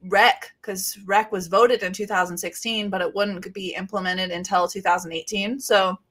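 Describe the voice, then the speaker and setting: Thirtysomething woman from california, bright sharp voice, chill rambly guest talk. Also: mid-range voice, moderate pace. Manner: relaxed rambling with many fillers and laughs. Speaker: guest, grower and educator. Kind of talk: casual interview chat.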